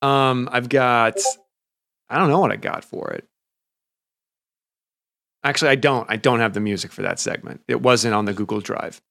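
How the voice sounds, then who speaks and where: A man's voice: medium pitch, moderate pace, vocal fry, pauses often, pushed and bright. A man co-hosting a casual podcast, easygoing and laughing often. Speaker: podcast co-host.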